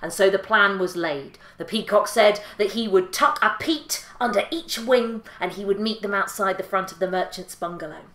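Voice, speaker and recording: A woman storyteller telling a folk tale in a lilting, expressive way. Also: mid-range voice, normal speed, hardly any pauses, reverberant.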